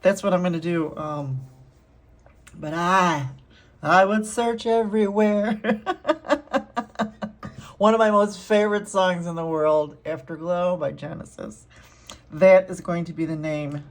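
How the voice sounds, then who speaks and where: Female art vlogger, relaxed slow talker, lowish voice, effusive self-talk while working. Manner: gushing, self-talking, laughs often. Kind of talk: casual chat while painting.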